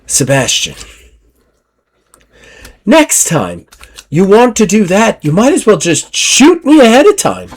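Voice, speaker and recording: A man voicing a brassy woman sailor for a tabletop game, talking high and lilting. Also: wildly swooping pitch, slow pace, long pauses, breathy edge, heavily acted. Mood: fussing.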